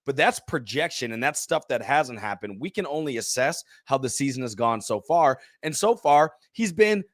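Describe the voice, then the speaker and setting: A man's voice: medium pitch, lively intonation, normal speed, no echo, clean studio sound. A young man co-hosting a sports podcast, agreeing easily and laughing as he talks through his view. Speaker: podcast co-host. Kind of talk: casual podcast chat.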